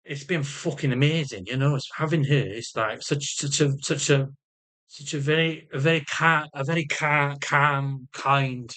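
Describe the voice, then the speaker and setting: Man, casual video diary, heavy swearing, stammering restarts, fairly high bright voice. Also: fairly even intonation, normal speed. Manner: rambling, swears heavily, emotional. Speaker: vlogger.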